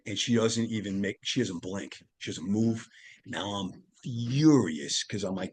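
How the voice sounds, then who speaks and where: Man, middle-aged, earnest, animated storytelling, casual podcast guest. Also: fairly low pitch, moderate pace, slightly rough. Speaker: podcast guest, tarot reader and author.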